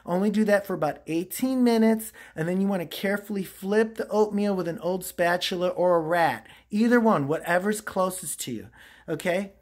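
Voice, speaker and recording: A man's voice: sits high, moderate pace. A man hosting an improvised comedy cooking skit as a homeless cook, rambling, interrupting himself and swearing. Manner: rambling, self-interrupting, profane.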